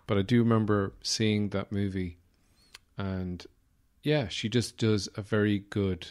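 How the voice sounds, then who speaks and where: A man's voice: lowish voice, steady tone, a little slow, a little mellow, clean tone. An Irish man hosting a podcast, rambling through a wry comic monologue with lots of fillers. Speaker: podcast host. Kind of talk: casual comedic monologue.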